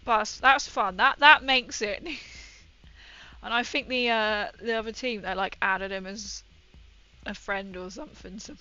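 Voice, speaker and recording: A woman's voice: a little high, a little slow, bright, forceful tone, dull audio. A young woman chatting casually and rambling through a story while she paints on a livestream.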